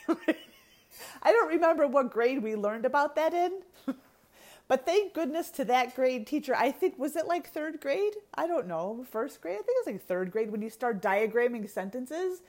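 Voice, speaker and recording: A woman coach giving a casual teaching talk, chatty and animated, laughing often and checking in with "okay". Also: sits high, normal speed. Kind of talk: teaching talk to an online audience.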